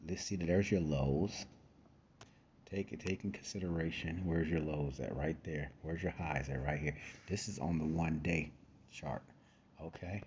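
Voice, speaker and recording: Deep, mellow man teaching trading. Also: measured pace, highs cut off, a little hiss or hum. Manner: conversational, repeats himself, frequent fillers and asides. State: tired, yawning. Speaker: trading course host. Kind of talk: casual screen-share tutorial.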